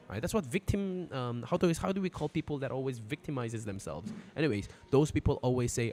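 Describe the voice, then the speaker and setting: A man's voice: mid-range voice, lively intonation, a little fast, a little mellow. A man teaching a casual, irreverent language lesson on a live stream from outdoors, swearing freely as he explains. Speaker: Korean teacher.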